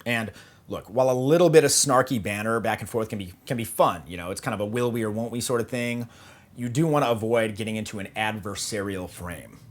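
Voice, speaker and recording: A man's voice: fairly low pitch, brisk. A man coaching on dating in a casual, joking manner, swearing freely and checking in with "okay" and "right?". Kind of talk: casual instructional talk.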